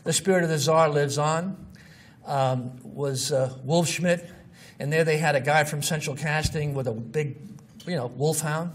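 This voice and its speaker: A man's voice: a little high, moderate pace. A man giving an informal lecture, walking through examples with blunt, scoffing asides. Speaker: marketing lecturer. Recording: distant mic with faint noise.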